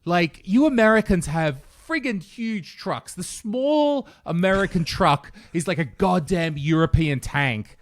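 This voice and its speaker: A man's voice: sits high, expressive, unhurried, few pauses, no echo. Laid-back Australian man, dry mic. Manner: laid-back, swears freely, laughs often. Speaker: podcast co-host. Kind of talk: casual chat.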